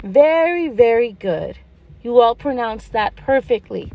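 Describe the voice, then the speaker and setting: A woman voicing a gentle, patient gazelle schoolteacher who leads a preschool letter lesson in a sing-song, encouraging way and praises often. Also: on the high side, animated, measured pace, lo-fi sound. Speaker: preschool teacher.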